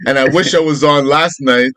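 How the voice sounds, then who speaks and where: A man's voice: medium pitch, steady tone, normal speed, bright, forceful tone. A man on a casual panel show, joking around and bantering in a heated way.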